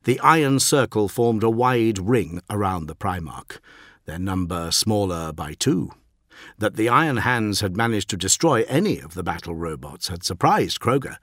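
Deep-ish guy reading an audiobook, dramatic, lively pitch, dry close sound. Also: normal speed, dry recording. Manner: dramatic, even-paced storytelling. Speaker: narrator. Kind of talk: scripted audiobook narration.

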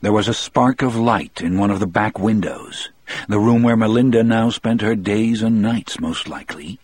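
A man narrating an audiobook in the first person, measured and grim. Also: on the low side, darkish tone, breathy edge.

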